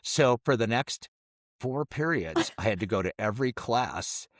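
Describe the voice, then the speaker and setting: A man's voice: medium pitch, animated, moderate pace, no echo. Middle-aged male co-host, acts out every voice in his story, dry studio read. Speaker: podcast co-host. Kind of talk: casual storytelling.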